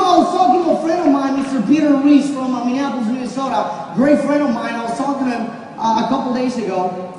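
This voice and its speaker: A man giving a motivational stage speech to an audience, repeating phrases, building up to shouts and getting the crowd to call back. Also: extremely high pitch, fast, noisy background. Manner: repetitive, rising to shouts, audience call-and-response. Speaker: motivational speaker at a business event. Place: large event hall with audience. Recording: echoey hall from far off, crowd. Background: audience laughter and murmur.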